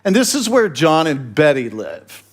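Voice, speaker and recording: A male pastor preaching in a relaxed, humorous way, telling a self-mocking story with chuckling asides. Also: on the high side, a little slow. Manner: conversational, with fillers and restarts. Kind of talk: sermon storytelling.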